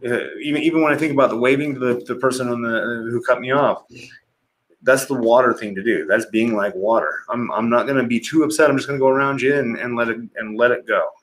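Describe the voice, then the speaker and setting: A man's voice: mid-range voice, fast talker, a bit bright. A middle-aged man, a podcast guest, telling candid and profane personal stories in a casual conversation, laughing often. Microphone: livestream podcast mic.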